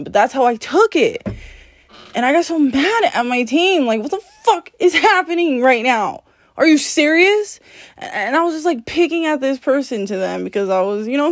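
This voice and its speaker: A woman hosting her own podcast, talking candidly and alone, swearing freely, mocking herself and laughing often. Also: a little high. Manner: profane, self-deprecating, laughs often. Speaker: podcast host. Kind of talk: candid solo podcast monologue.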